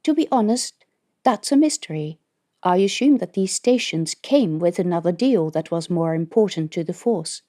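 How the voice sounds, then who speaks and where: A woman's voice: on the low side, lively intonation, normal speed, dark tone, natural voice. Woman reading as a flustered male scientist. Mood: earnest. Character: flustered young male space biologist.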